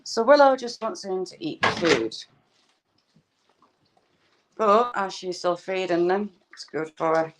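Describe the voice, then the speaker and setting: A woman's voice: mid-range voice, expressive, slow, pauses often, background noise. A woman hosting a casual live stream at home, cooing at puppies in a sing-song voice and greeting viewers by name.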